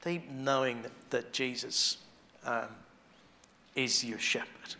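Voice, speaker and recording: A man preaching a sermon in a conversational way, restarting phrases as he thinks aloud and growing quiet and intimate on devotional points. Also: medium pitch, little pitch movement, slow pace, vocal fry, slight background noise.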